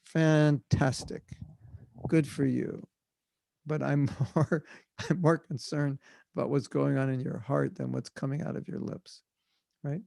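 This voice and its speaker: An American man giving a devotional seminar talk over a video call, lively, acting out short quoted voices with frequent laughter. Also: mid-range voice, moderate pace, vocal fry, no echo. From United States. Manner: animated, acts out little quoted voices and laughs often. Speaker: spiritual teacher.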